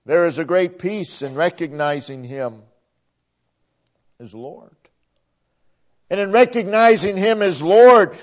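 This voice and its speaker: A man's voice: sits high, takes it slowly, long pauses. A man preaching a sermon, emphatic, repeating phrases for stress. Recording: dull lo-fi recording.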